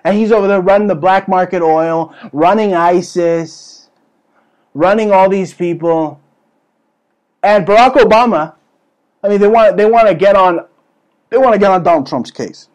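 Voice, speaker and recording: A man's voice: high-pitched, moderate pace, long pauses, darkish tone, lo-fi sound. A man hosting a comedy show with a brash, crude, ranting delivery. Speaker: host. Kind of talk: comedic political rant.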